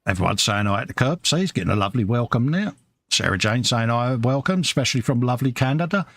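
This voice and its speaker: A man's voice: medium pitch, animated, fast, a bit bright. Chatty British man reading comments. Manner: chatty, reads viewer comments aloud, calls everyone mate. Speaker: live show co-host. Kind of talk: casual live-stream chat. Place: hobby workbench at home.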